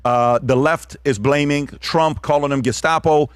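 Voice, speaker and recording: A man hosting a news reaction show, directing a producer and reading out stories in a halting way. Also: fairly high pitch, steady tone, smooth, no echo, studio quality. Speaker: show host.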